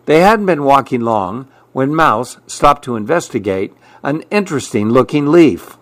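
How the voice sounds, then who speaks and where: A man narrates a children's picture book at an unhurried, gentle pace. His voice sits at an ordinary pitch for a man. The recording is close and dry. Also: no room sound. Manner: calm and measured. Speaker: storyteller. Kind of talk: children's story read-aloud.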